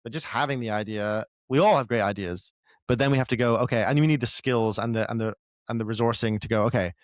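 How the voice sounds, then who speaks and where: A man of middle pitch explains his ideas as a guest in a relaxed conversation, rambling and padding his sentences with fillers. His voice sits dry and close, with no room sound around it. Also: quick pace, dry recording. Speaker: guest writer. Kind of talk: casual podcast conversation.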